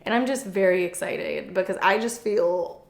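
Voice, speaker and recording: This young woman, a podcast co-host, has a mid-range voice at normal speed. She chats openly, retelling personal stories with animation and frequent "like" fillers, in a room with noticeable echo.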